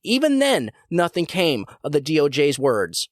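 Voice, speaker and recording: A man's voice: a little high, wildly swooping pitch, normal speed, dry recording, studio quality. A man hosting a podcast, delivering a heated, repetitive political commentary monologue. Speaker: podcast host.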